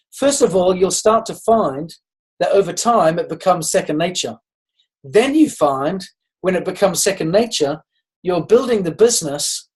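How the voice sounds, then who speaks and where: A man's voice: high-pitched, a little mellow. A man leading a network marketing call, telling stories in an encouraging way with frequent restarts. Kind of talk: motivational talk on a group call.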